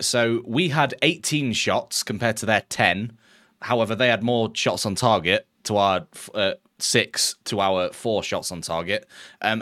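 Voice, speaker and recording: A man from England co-hosting a football podcast, casual and rambling, prone to laughter and excited outbursts. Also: fairly low pitch. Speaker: podcast co-host.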